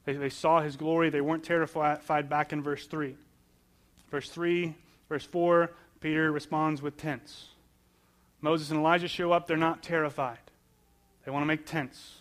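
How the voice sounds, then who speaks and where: Male pastor, a bit higher-pitched than most men, chatty sermon delivery that stacks up repeated phrases. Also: flat delivery, measured pace. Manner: conversational, asks questions and answers them.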